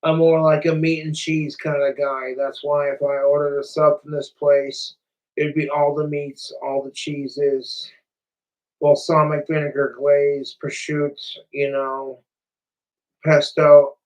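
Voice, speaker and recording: A man's voice: a little high, completely flat delivery, slow, darkish tone, distant mic, low-quality recording. A man chatting casually on a livestream, rambling, profane and repetitive.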